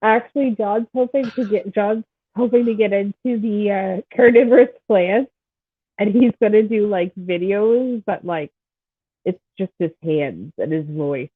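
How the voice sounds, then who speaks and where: A woman's voice: medium pitch, measured pace, husky, dry recording. A woman hosting a podcast in casual chat, talking in a chatty, rambling, teasing way with a stuffed-up nose. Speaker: podcast host. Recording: tinny phone-like line.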